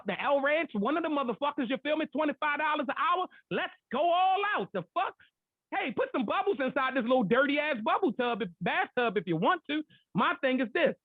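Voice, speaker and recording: A man's voice: very high voice, no echo. A man hosting a podcast, arguing in a heated casual debate, profane and talking over others. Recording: tinny phone-like sound, dry.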